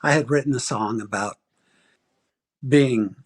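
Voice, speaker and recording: A man in his sixties from Arizona, a guest author telling a personal story in a casual interview, animated and acting out quoted voices. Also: a little slow, breathy edge. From Arizona, USA. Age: 60s. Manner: animated storyteller, acts out quoted voices with big pitch jumps.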